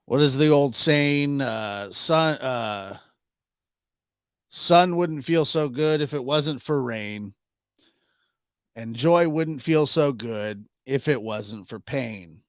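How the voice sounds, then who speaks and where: Slow-talking man hosting a live stream. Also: medium pitch, clear, resonant tone, no echo, studio quality. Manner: relaxed, chatty, reads out viewer names and places. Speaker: livestream host. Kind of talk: casual live-stream chat. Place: home studio in the Pacific Northwest.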